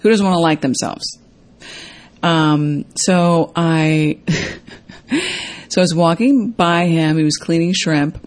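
A woman hosting a casual self-help talk to viewers, chatty and full of fillers, acting out quoted lines in a higher voice. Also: slow pace, pauses often. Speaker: host.

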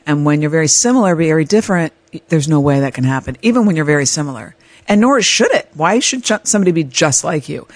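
A woman hosting an advice podcast, telling a personal story in a candid, animated way. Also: low-pitched, no echo. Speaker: podcast host.

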